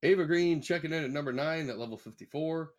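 A man appearing as a guest on a casual podcast, reading rankings in a relaxed, wry way. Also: on the high side, fast, lo-fi sound.

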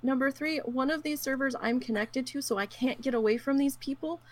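A woman chatting casually about gaming, telling her stories with animated quotes and a lot of fillers. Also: high-pitched, a little fast. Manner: animated storyteller who acts out quotes; frequent fillers and laughs.

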